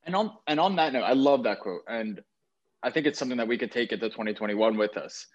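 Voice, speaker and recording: Lively husky man talking sports cards. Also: medium pitch, fast talker, highs cut off. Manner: enthusiastic, lively, self-correcting. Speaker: podcast co-host. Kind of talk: casual chat about sports cards. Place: on a trip, away from home.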